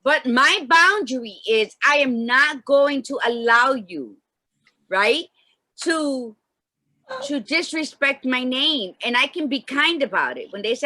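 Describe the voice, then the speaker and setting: Woman co-host, chatty and emphatic storyteller, bright tone. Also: high-pitched, lively intonation, takes it slowly, dry recording. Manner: long-winded storyteller, emphatic. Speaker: podcast co-host. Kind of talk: casual chat.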